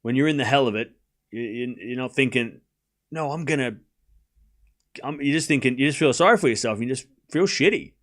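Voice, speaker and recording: A man's voice: medium pitch, fast, fairly bright tone. Chatty male tennis watchalong host. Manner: chatty, rambling, frequent "you know" and restarts. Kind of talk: live tennis watchalong commentary.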